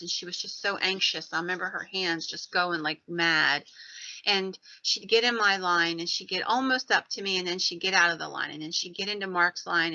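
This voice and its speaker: A woman hosting a podcast, telling a ghost story in an animated, digressive way. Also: on the low side, no room sound, lo-fi sound. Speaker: podcast host.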